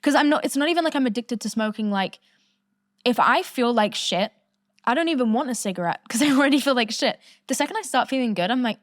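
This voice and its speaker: A woman's voice: fairly high pitch, expressive, fast, dry recording, clean studio sound. A woman in her twenties hosting a podcast, talking candidly and casually, swearing freely and laughing often. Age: 20s. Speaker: podcast host.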